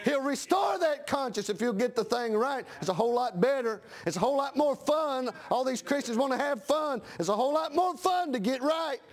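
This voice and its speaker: A man's voice: very high-pitched, animated, fairly quick, few pauses. A middle-aged man preaching a folksy sermon, dropping frequent amens and acting out the voices of the people he talks about. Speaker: pastor.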